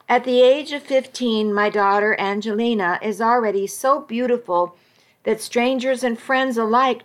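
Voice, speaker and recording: A woman narrating a first-person story in a measured, unhurried way. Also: mid-range voice. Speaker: audiobook narrator.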